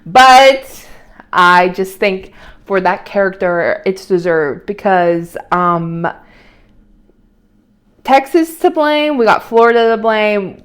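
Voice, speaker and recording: A young adult woman with a mid-range voice vlogs in casual chat, rambling and opinionated, using lots of fillers and restarts.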